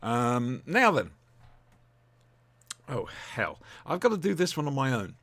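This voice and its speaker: A man's voice: medium pitch, big pitch swings, measured pace, fairly bright tone. A man hosting a podcast, chatting casually in a jokey, rambling way. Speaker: podcast host. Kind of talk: casual chat.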